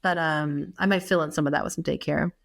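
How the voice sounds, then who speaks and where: The co-host of a podcast, an American woman in her thirties, has a deep, creaky voice with a steady tone and speaks a bit fast. She chats loosely, dropping in plenty of fillers and laughing frequently.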